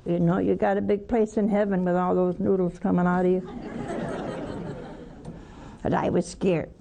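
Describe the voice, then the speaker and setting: A woman's voice: fairly low pitch, little pitch movement, normal speed, gravelly, highs cut off, a crowd in the background, noisy background. A woman, a religious sister, preaching a spiritual talk in a folksy storytelling way, with rhetorical questions to her listeners. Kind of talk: homily-style spiritual talk.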